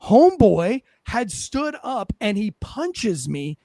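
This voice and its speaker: Man with a high voice, ex-cop telling a story, animated and profane, close dry sound. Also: slow, no room sound. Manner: animated, profane, acts out what people said. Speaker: former police officer. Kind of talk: casual storytelling on a talk show.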